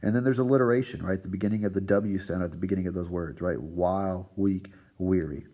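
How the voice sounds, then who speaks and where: A man with a low, slightly husky voice walks his students through a recorded lesson. He lectures steadily and keeps tagging his points with "right?" and "all right." The tone is that of a teacher explaining material step by step. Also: fairly even intonation, rapid-fire, warm tone. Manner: checks in with a constant "right?" and "all right".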